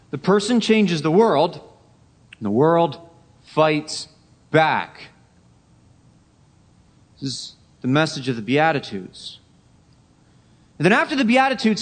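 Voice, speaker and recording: Male pastor, high-pitched voice, emphatic sermon delivery, repeats phrases, hushed drops.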